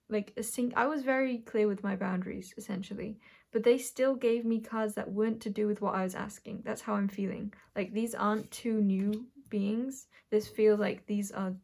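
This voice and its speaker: A woman giving a collective tarot reading, musing and halting as she draws cards and talks through what she senses. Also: fairly high pitch, a little mellow. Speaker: tarot reader.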